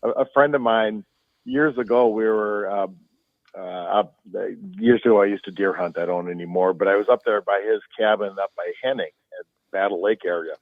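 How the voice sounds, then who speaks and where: A man's voice: on the low side, fairly even intonation, brisk, no echo. A man from northern Minnesota calling in to a talk show, rambling with many restarts. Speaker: caller. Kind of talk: casual talk show call. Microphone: telephone. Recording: phone-like line.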